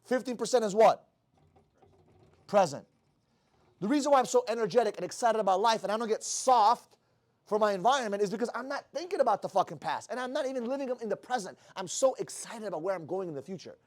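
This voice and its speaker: A man's voice: sits high, lively intonation, fast. A man in his thirties giving a blunt, profane, fired-up motivational talk. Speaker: motivational speaker.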